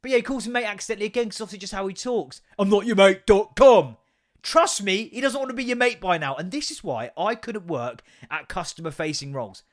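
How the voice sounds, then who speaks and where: A man's voice: high-pitched, expressive, quick pace, few pauses, fairly bright tone. An English man hosting a podcast, ranting casually, swearing a lot and laughing often. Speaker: podcast host. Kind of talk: casual comedic rant.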